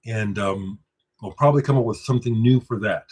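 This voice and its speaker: A man with a husky, slightly breathy voice hosts a casual live stream and chats loosely with his viewers. He replies to their comments and talks up his own records with emphatic, boastful confidence. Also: lowish voice, a little fast, darkish tone. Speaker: musician hosting a live stream.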